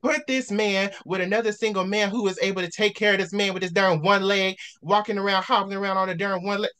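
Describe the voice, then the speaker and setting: A man with a somewhat high-pitched voice hosts a casual book discussion. He rants with real heat, circling back to the same phrases again and again to drive his point home. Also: fairly even intonation, fast, pushed and bright, smooth. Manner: heated ranting, repeats himself for emphasis. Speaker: host.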